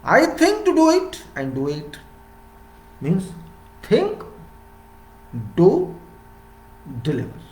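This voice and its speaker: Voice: mid-range voice, wildly swooping pitch, slow, long pauses, a little mellow, reverberant. An engineering lecturer in a rambling, playful monologue who asks rhetorical questions and answers them.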